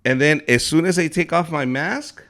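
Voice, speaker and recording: A young man hosting a podcast, telling loud, animated stories and swearing a lot. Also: on the high side, moderate pace. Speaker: podcast host, comedian. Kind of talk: casual podcast chat.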